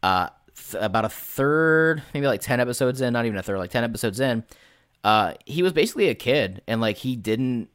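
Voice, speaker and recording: A man's voice: mid-range voice, lively intonation, brisk, a bit bright, no echo, clean studio sound. A man who runs tabletop games, chatting casually as a podcast guest and telling rambling, filler-heavy stories with some swearing. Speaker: game master and podcast guest. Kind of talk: casual interview chat.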